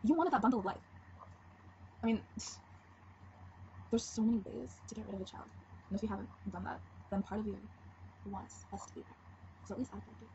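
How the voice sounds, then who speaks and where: A woman's voice: medium pitch, steady tone, brisk, long pauses. A seventeen-year-old girl talking frankly in a casual confessional vlog, rambling and giggly. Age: teens. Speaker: vlogger. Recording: dull lo-fi webcam audio with faint noise.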